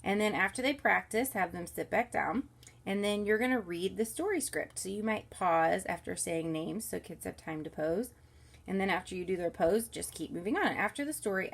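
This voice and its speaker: Church kids' ministry lady going over the weekly lesson, upbeat and chatty, bit of vocal fry. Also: fairly low pitch, moderate pace. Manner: upbeat, instructive, talks to volunteers directly; soothes a baby softly mid-lesson. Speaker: children's ministry leader. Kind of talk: recorded training walkthrough for volunteers. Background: crying baby.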